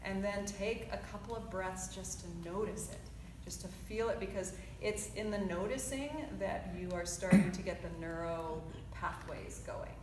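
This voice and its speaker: A woman leads singers through a vocal warmup in a chatty, encouraging way, quick to laugh. Her voice rings around a roomy rehearsal space with steady noise behind it. The pitch sits in a middle range for a woman. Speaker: vocal coach leading a choir sectional. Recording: roomy sound with background noise.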